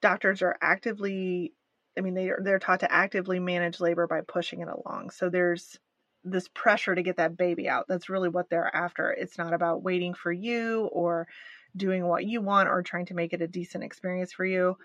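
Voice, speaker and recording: A woman's voice: lowish voice, little pitch movement, brisk, fairly bright tone, dry recording, lo-fi sound. A woman co-hosting a podcast, speaking candidly and emphatically in casual chat. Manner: candid and emphatic, with nervous laughs. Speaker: podcast co-host.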